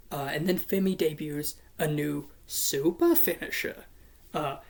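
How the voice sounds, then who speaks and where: A casual voice walks through imagined wrestling matches blow by blow, in a middle pitch. The talk is blunt and swears freely, with a playful edge. It is an informal solo commentary. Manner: storytelling narration of imagined matches.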